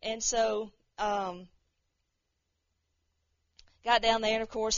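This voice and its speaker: Casting note: high-voiced woman, rambling testimony, dull dry recording. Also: steady tone, takes it slowly, pauses often, no room sound. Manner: rambling, repeats words, acts out quoted voices. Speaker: speaker sharing a testimony. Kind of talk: informal testimony talk.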